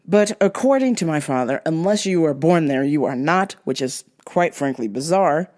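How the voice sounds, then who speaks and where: A woman's voice: expressive, normal speed, a little mellow. A woman hosting her own show, telling a family story in a casual, exasperated monologue. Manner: exasperated, incredulous retelling of family arguments; acts out quoted dialogue with shifts in pitch. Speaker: podcast host.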